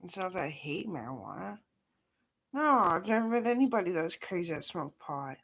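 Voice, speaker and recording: Rambling, profane woman with a low voice. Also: big pitch swings, fairly quick, fairly bright tone. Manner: profane, scattered, talks in run-on asides. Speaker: vlogger. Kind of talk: rambling casual monologue.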